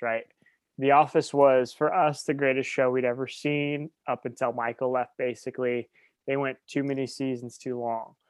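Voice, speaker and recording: A podcast co-host chats casually, eagerly gushing about the things he loves in an enthusiastic mid-range voice. There's a faint hiss or hum on the recording.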